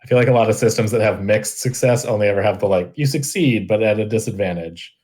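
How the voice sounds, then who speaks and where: Low, dark-voiced man, chatty game master. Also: quick pace. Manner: relaxed, chatty, many fillers. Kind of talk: casual post-game chat.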